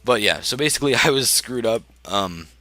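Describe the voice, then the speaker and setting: A man's voice: medium pitch, expressive, a little fast, sharp tone, no echo. A teenage boy telling rambling stories while playing a game, laughing often with many ums and restarts. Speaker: gaming video host. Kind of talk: casual storytelling while playing.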